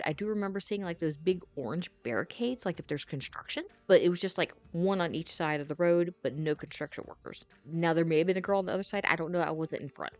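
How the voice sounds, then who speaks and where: A woman with a low voice tells a story from her own life in an easy, rambling storytime manner. She piles on fillers and restarts and swears freely. Faint music plays softly underneath. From North Carolina. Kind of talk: casual storytime narration.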